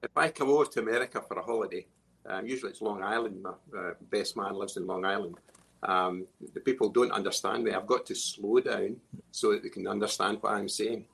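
A man's voice: fairly low pitch, fairly even intonation, brisk, creaky, fairly bright tone, husky. A man from Scotland with a Scottish accent, a podcast guest who makes dry, teasing jokes. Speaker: guest musician. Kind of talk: casual chat.

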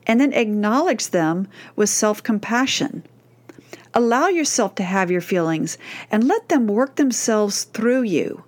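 A woman parenting coach giving scripted advice, speaking gently and reassuringly straight to mothers. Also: mid-range voice, lively intonation, unhurried.

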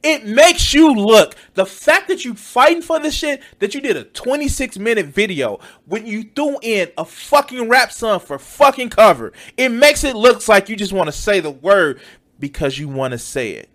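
A man's voice: high-pitched, sing-song, moderate pace, a bit bright. A man giving heated, profane reaction commentary, mocking and swearing often.

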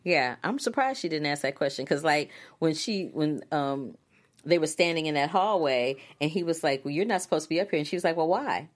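A woman's voice: sits low, expressive, a little fast. A woman co-hosting a casual chat show, talking animatedly with frequent laughs and playful exclamations. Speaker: co-host.

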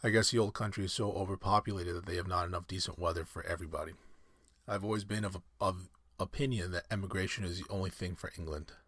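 A man voicing a calm, wry middle-aged statesman with a dry wit. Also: sits low, fast talker, dry recording.

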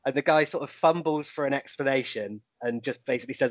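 A man tells stories in a casual podcast chat, filling his pauses with ums. His voice sits at a middle pitch and sounds close and dry. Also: fairly even intonation, a bit bright, no echo. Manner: storytelling, full of ums. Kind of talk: casual anecdote telling.

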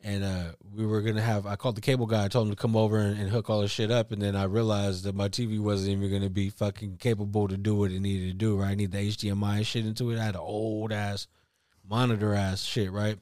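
Podcast co-host, male, lowish voice, loose profane storyteller, dry close mic. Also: little pitch movement, quick pace, a little mellow, no echo. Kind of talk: casual chat.

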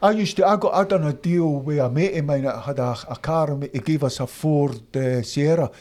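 A Scottish man, a former footballer, telling animated stories from his playing days in an interview, acting out his old coaches. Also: fairly high pitch, moderate pace. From Scotland. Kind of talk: storytelling interview.

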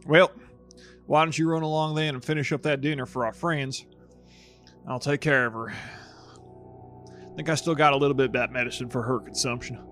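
A man's voice: medium pitch, fairly even intonation, moderate pace, pauses often, a bit bright, soft background music, natural voice. A man voicing a folksy, stern dwarf father with a drawl.

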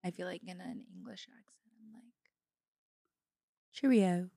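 A woman's voice: lowish voice, fast talker, creaky, breathy edge, no room sound, clean studio sound. Giggly young woman telling stories. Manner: animated storytelling, giggly. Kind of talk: casual podcast chat.

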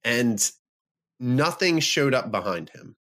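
A man's voice: mid-range voice, slow. Man casually recapping a horror film. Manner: animated, laughs often, recaps the plot. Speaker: podcast co-host.

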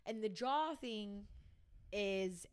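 Young woman telling an animated story. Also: mid-range voice, extremely slow, clean tone. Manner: animated storyteller, laughs often, acts out quotes. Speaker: podcast co-host. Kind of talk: casual chat.

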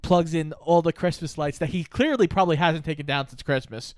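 A man co-hosting a podcast, easily narrating movie scenes with casual filler words. His voice is a bit higher than most men's and comes through clear. The recording is close and dry. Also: a little fast, dry recording. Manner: relaxed storytelling with frequent "like". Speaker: podcast co-host. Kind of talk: casual movie recap chat.

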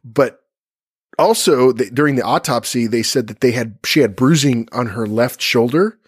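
A man's voice: mid-range voice, moderate pace, slightly rough, dry recording. Rambling man on a dry-sounding podcast. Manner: rambling, self-correcting, stumbling over words. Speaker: podcast co-host. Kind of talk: casual true-crime podcast chat.

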